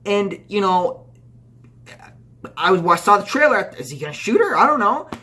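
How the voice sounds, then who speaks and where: A man's voice: sits high, big pitch swings, moderate pace, pushed and bright. A young man doing a casual movie review, rambling through restarts and fillers and swearing as he gets heated. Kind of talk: casual video review rant.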